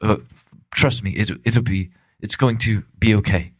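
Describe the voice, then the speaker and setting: A man's voice: on the low side, fairly even intonation, no echo. A man doing a stammering, smug billionaire impression. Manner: stammering, halting, with a chuckle.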